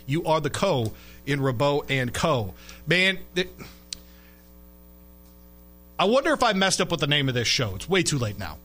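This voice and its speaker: Male sports radio host, bright voice, chatty and laughing, faint music under. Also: a little high, sing-song, moderate pace, long pauses. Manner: laughs often, loose and rambling. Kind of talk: casual sports radio chat.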